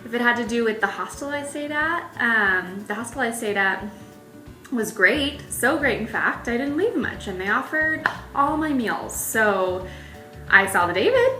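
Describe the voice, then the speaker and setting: A woman's voice: fairly high pitch, lively intonation, measured pace, sharp tone. A young woman telling travel stories in a casual, chatty vlog, laughing often. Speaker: travel vlogger. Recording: echoey room with faint music.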